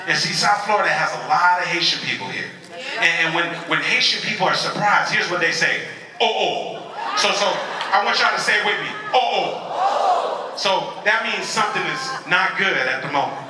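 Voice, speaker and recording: This man's voice sits high and sounds animated and fairly quick, with a crowd audible behind him. He is a motivational speaker addressing a convention audience in a large hall, telling a story full of call-and-response and stammered restarts, recorded from a distance amid the hall's echo.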